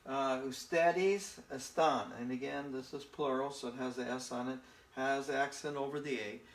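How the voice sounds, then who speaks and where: A man's voice: mid-range voice, fairly even intonation, reverberant. A man teaching a Spanish lesson, explaining patiently and repeating himself, often checking in with "okay?". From northern United States. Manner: slow and repetitive, checking in with "okay?". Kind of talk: slow, patient classroom lesson.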